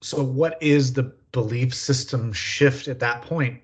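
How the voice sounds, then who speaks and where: A man hosting a podcast in casual conversation, speaking slowly and deliberately with long reflective pauses. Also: medium pitch, husky. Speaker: podcast host.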